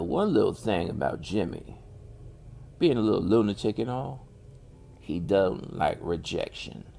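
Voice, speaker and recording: A man's voice: low voice, gravelly, darkish tone. A man casually narrating a horror story in a drawling, colloquial way with loose grammar.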